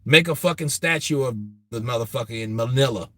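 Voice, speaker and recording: A man hosting a boxing talk show, answering viewers in a casual, animated, profane way, and laughing often. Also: mid-range voice, a little fast.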